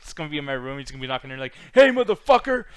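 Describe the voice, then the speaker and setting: A man co-hosting a casual live-stream chat, excitable and profane, laughing often. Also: mid-range voice, very fast, background noise. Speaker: podcast co-host.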